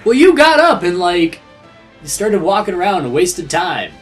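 Lively, chatty man guiding a game. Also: high voice, moderate pace. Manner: animated, chatty, with frequent restarts. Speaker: guide coaching the player. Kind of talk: casual let's-play banter. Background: game music.

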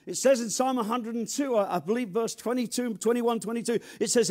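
An older man from near London preaching a sermon with an English accent, animated and humorous, dropping from loud emphasis to quiet asides. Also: sits high, moderate pace, few pauses. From England. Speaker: pastor.

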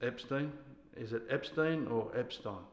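A man's voice: medium pitch, normal speed, a bit bright, natural voice. A man playing a drunk, bullying army sergeant. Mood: commanding. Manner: barking, insulting, commanding. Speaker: actor in a scene. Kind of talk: stage scene acting. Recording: echoey hall.

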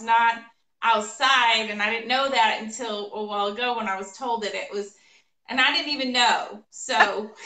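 A woman co-hosting a live show, telling a funny story about her day in an animated, laughing way. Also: high voice. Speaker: co-host of a painting livestream. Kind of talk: casual storytelling chat. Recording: echoey room, voice a bit far from mic.

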